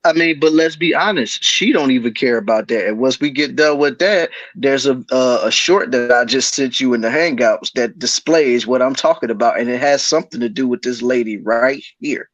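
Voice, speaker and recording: A man's voice: medium pitch, moderate pace, few pauses, a bit bright, dry recording. A man co-hosts a casual commentary podcast. He is blunt and profane, mocking his target without holding back. His voice sounds dry and close, with no room around it. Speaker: podcast co-host.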